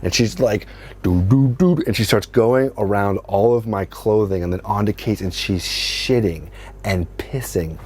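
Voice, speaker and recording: A middle-aged man telling a comic personal story in a casual, animated way, swearing freely and acting out what people said. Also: lowish voice, measured pace, breathy edge.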